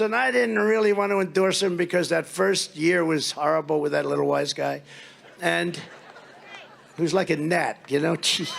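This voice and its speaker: Gravelly, high-pitched man giving a rally speech. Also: a bit bright, slight background noise. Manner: rambling, mocking storytelling with acted-out dialogue. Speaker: political speaker at a rally.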